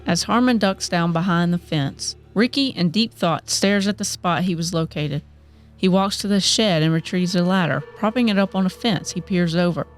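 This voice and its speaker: A woman's voice: fairly low pitch, normal speed, soft background music. Woman narrating a horror story.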